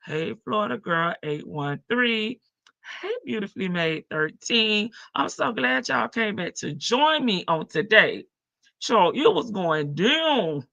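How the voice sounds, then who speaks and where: A woman's voice: mid-range voice, big pitch swings, slow, creaky, pushed and bright, no room sound, dull audio. A woman with a heavy morning voice, hosting a casual live stream from her front porch and greeting viewers by name.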